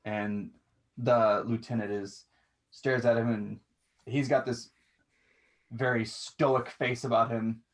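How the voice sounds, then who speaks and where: A man running a tabletop game as game master, with a voice at an ordinary middle pitch. His narration is loose and casual, full of fillers and restarts. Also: level tone, takes it slowly, pauses often.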